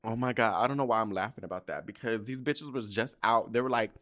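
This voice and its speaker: A man hosting a podcast in casual chat, animated and sassy, swearing freely and laughing often. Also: on the low side, fast, hardly any pauses. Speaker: podcast host.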